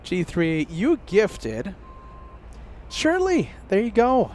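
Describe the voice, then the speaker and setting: A man's voice: on the high side, animated, measured pace. A man hosting a casual live stream outdoors, chatting and reading out viewer names and messages. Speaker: livestream host. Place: outdoors near an airport.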